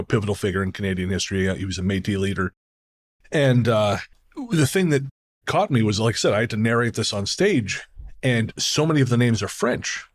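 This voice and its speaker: A man co-hosting a podcast in loose, casual chat. He rambles through his stories, restarts his sentences and pokes fun at himself, often breaking into laughter. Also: fairly low pitch. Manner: rambling, self-deprecating, quick to laugh. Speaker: podcast co-host.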